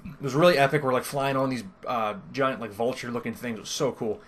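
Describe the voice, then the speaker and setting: A man's voice: medium pitch, fast. Rambling man recapping a game session. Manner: rambling, self-interrupting, lots of fillers. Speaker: first-time game master recapping a campaign. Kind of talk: casual storytelling recap.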